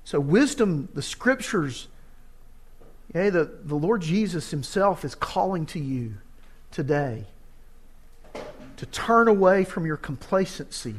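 Preacher, male, slightly high voice, earnest and urgent sermon delivery. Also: expressive, slow pace, pauses often, breathy edge. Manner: earnest, urgent scripture reading.

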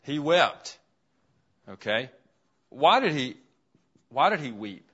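Male Bible teacher, interactive classroom lesson, mid-range voice, muffled low-fidelity sound. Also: very animated, slow, fairly bright tone, slightly rough. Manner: asks the class questions while writing a list on a board. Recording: dull, lo-fi classroom recording.

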